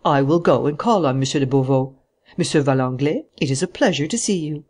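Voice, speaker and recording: A reader voicing a supremely confident adult gentleman thief in an audiobook, mocking and ceremonious. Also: mid-range voice, animated, a little fast, natural voice. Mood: jaunty mocking. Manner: mocking, ceremonious, grandly polite. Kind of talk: audiobook character voice.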